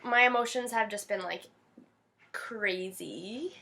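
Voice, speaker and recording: A woman's voice: mid-range voice, takes it slowly, gravelly, bright, forceful tone. A young woman in her twenties chatting casually to camera, gushing and teary, with lots of fillers. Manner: emotional, gushing, many fillers. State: teary-eyed. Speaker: vlogger.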